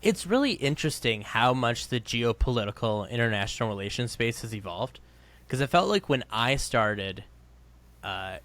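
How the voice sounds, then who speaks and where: A young man co-hosting a podcast in casual, joking chat. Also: on the low side. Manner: chatty, joking, lively. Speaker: podcast co-host.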